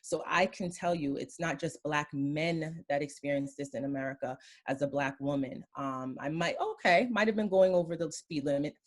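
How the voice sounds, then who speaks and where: A woman from Queens in her thirties recounts her experiences as a guest, speaking in a notably low register. She tells her stories by acting out the exchanges in a casual conversational way. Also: fairly even intonation, moderate pace, few pauses. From Queens, New York. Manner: storytelling, acting out quoted exchanges.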